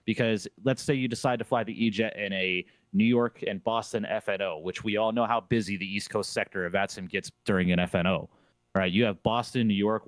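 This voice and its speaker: This flight sim streamer speaks on a panel in a lowish voice, with no room sound around him. He's emphatic and opinionated, and he says things more than once to drive the point home.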